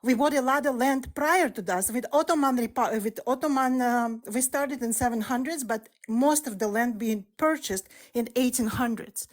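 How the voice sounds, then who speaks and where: A woman from Russia speaks as a doctor in a heated live-stream debate. Her voice sits high, and she presses her points insistently with rapid rhetorical questions. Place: in Europe.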